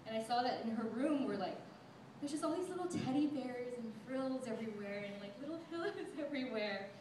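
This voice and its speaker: A young woman delivers a rambling, heartfelt wedding toast, laughing softly between phrases and leaning on fillers. She is picked up from far off, and her voice rings through a very echoey space. Steady noise sits under her words. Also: fairly high pitch, fairly quick. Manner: chatty, giggly, filler-heavy. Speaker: maid of honor. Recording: echoey, distant mic, background noise.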